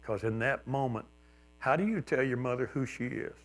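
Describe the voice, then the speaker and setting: An older man, a pastor, telling a personal story in a sermon, reflective and plain-spoken with gentle humor. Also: medium pitch, moderate pace.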